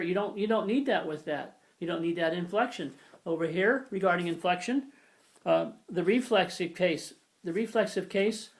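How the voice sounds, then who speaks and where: A man in his sixties giving a casual, rambling video lesson on grammar, self-deprecating and full of fillers and restarts. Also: high-pitched. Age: 60s. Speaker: video lecturer.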